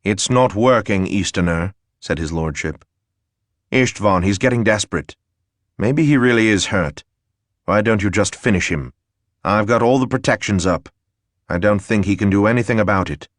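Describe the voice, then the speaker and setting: A man's voice: on the low side, moderate pace, dry recording, clean studio sound, close to an everyday voice. A man reading a haughty, scornful lord. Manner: curt, scornful. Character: haughty nobleman sorcerer, scornful. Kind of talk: audiobook character voice.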